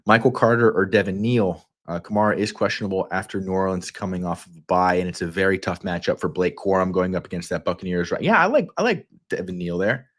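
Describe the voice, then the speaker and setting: Playful Southern man, lowish voice. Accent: Southern American. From Kentucky. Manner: playful, rambling, quick energetic bursts. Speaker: fantasy football livestream host. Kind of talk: casual livestream talk.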